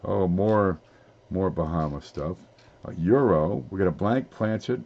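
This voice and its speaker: A man's voice: low-pitched, unhurried, darkish tone, breathy edge, lo-fi sound. A man hosting a casual live-stream giveaway, talking in a folksy, rambling way as he reads off items one by one. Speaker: livestream giveaway host.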